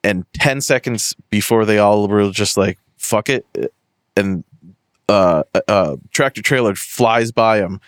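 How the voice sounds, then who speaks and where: A young man from Western Massachusetts, a podcast host who tells animated stories and swears freely in casual chat. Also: lowish voice, a little slow, smooth, no echo, studio quality.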